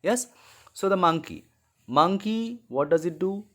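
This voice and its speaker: A man's voice: high-pitched, expressive, unhurried, a bit bright. A man teaching animal sounds to young children, patient and repeating key words. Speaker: English teacher. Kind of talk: slow lesson for young children.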